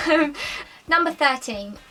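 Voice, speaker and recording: A woman's voice: high voice, lively intonation, slow pace, pushed and bright, far from the mic, faint music behind, low-quality recording. A woman in her twenties chatting casually to camera as a lifestyle vlogger, rambling with lots of "like" and "um". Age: 20s.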